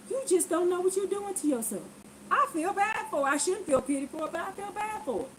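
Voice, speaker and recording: A woman vlogger telling a personal story to her viewers in a lively, preachy way, acting out what people said. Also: very high-pitched, slight background noise, low-quality recording. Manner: animated, acts out quotes in voices; preachy, addresses viewers directly. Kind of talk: casual storytelling testimony.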